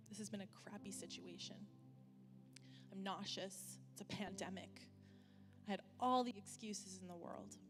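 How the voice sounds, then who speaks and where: Woman preaching, candid and conversational. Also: medium pitch. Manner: candid, conversational, many fillers, slows for emphasis. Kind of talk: sermon with personal story. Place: church hall. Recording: church hall reverb with music.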